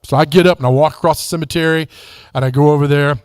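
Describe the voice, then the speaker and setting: A man's voice: a little high, fairly even intonation, quick pace, dry recording, clean studio sound. A man speaking at a church as a guest author, telling faith stories in an earnest, folksy way. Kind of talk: conversational church testimony with storytelling.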